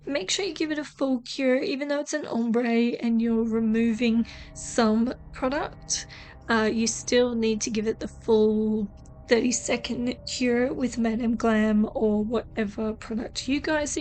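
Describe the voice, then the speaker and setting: A woman's voice: on the high side, darkish tone. A woman with an Australian accent, chatting casually and joking as she shows a nail tutorial, with frequent swearing. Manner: chatty, swears freely, jokey. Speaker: nail artist vlogger.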